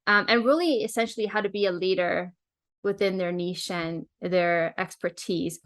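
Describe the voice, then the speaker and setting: A woman's voice: lowish voice, moderate pace, a bit bright. A woman hosting a podcast, chatting enthusiastically and casually with her guest. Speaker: podcast host.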